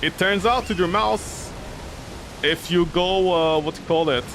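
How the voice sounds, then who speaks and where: A man's voice: high voice, measured pace, a bit bright, slight background noise. A young man streaming a game, rambling and ranting in exasperation, swearing often and sounding weary. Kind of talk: casual gameplay commentary.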